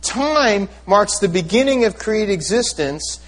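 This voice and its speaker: A man with a notably high voice delivers a teaching sermon as pastor. He explains word meanings step by step, often restarting a phrase, and invites the congregation to read along with him. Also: lively intonation, measured pace. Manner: teaching, leads congregation in reading aloud; explanatory, repeats words when restarting.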